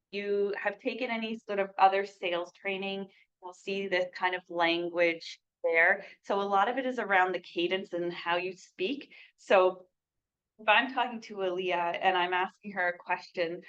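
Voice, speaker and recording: A woman's voice: medium pitch, fairly bright tone, smooth. Woman teaching a sales class, lo-fi. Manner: conversational, acts out sample sales lines. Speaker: sales trainer. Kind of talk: classroom training talk. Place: training room with a small audience. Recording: dull lo-fi recording.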